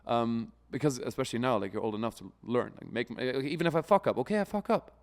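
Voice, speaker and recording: A man's voice: mid-range voice, quick pace, vocal fry. A man co-hosting a podcast in casual, profane conversation, often acting out other people's voices. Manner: profane, animated, acts out voices. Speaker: podcast co-host.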